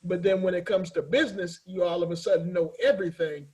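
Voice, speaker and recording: Husky high-voiced male host. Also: fast talker, darkish tone, poor audio. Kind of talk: interview questions.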